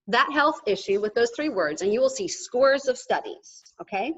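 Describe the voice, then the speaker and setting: A woman with a fairly high voice gives a lively, emphatic pep talk to a crowd at a live event. She keeps checking in with her listeners. The recording sounds a little dull and lo-fi. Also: moderate pace, hardly any pauses. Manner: energetic, emphatic, keeps asking "okay?". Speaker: motivational speaker at a sales event. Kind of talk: motivational talk to a live audience.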